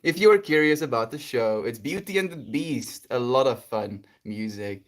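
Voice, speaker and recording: A man in a middle register hosts a casual spiritual livestream, reading his chat aloud. He rambles gently and affectionately, with soft laughs between thoughts. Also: mid-range voice, animated, normal speed.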